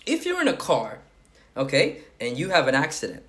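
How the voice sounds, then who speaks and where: A man's voice: fairly high pitch, wildly swooping pitch, normal speed, fairly bright tone. A man coaching on approaching women, talking bluntly and crudely and checking in with "okay?" as he goes, while sweating. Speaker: dating coach. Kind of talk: casual talking-head advice.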